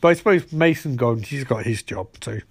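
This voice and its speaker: A man's voice: medium pitch, expressive, normal speed, gravelly, slightly rough, no echo. A man casually recapping a TV episode in a rambling, sarcastic way, acting out the characters' lines as he goes.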